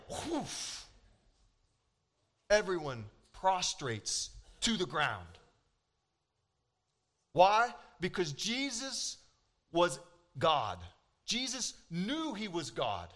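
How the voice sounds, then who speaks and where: High, bright-voiced man preaching. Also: takes it slowly. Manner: animated, emphatic preaching with dramatic quoted lines. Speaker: pastor. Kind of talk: sermon.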